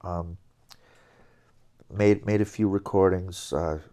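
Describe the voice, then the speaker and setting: A man's voice: deep voice, takes it slowly. Middle-aged man telling jazz stories. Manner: animated anecdotes, chuckling, scatting melodies. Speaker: interview guest, jazz trombonist. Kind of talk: relaxed storytelling.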